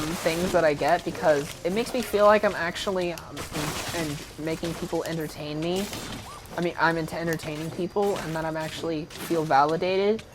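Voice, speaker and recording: A woman's voice: fairly low pitch, background noise. Rambling American woman gaming commentary. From United States. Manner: rambling, full of ums and restarts. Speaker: gaming YouTuber. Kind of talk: casual gameplay commentary.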